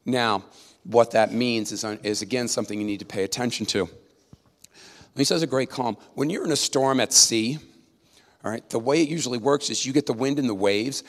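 A man with a mid-range voice preaches a little fast, his words trailing a long echo through a big hall. He keeps the sermon conversational and emphatic, frequently checking in with the congregation using tag questions.

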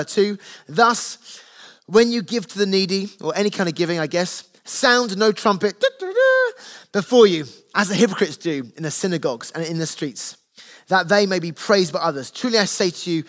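Plain-spoken and earnest, a pastor gives a conversational sermon to his church, sharing stories from his family table. His male voice sits high and sounds a bit bright.

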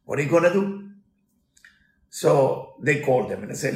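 A man's voice: medium pitch, animated, normal speed, pauses often, a little mellow. A man giving a storytelling Torah lesson in broken English, mixing in Hebrew quotes. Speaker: Torah teacher. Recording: roomy echo.

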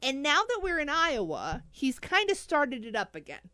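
A woman hosting a casual chat, telling a story in an animated way with frequent laughs and pleading asides. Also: high-pitched, normal speed, dry recording.

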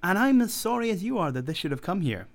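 A man's voice: high-pitched, sing-song, quick pace, voice pushed up. A man playing a cool, sneering young doctor. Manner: cool, worldly, dismissive. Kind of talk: audiobook character reading.

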